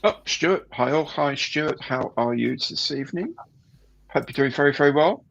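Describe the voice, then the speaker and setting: A man's voice: fairly high pitch, lively intonation, normal speed, gravelly, fairly bright tone, lo-fi sound, a little hiss or hum. A man hosting a casual live stream, chatting and greeting viewers by name.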